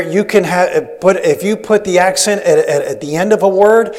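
Preacher guy, sermon, kinda high voice, echoey church, keeps restarting his sentences. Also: a little mellow. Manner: rambling storytelling with many restarts. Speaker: missionary preacher. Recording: long hall reverb.

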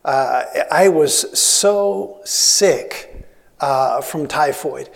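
A man's voice: fairly high pitch, expressive, very slow, vocal fry. A man preaching a sermon as a missionary, telling stories in a rambling way with many restarts. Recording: long hall reverb.

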